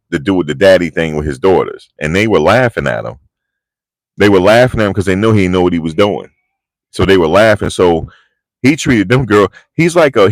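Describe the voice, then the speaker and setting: A man with a low voice hosts a casual livestream. His pitch swings widely as he tells slangy, animated stories. He responds to chat comments as they come in, and the sound is dry and close. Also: no room sound. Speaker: livestream host.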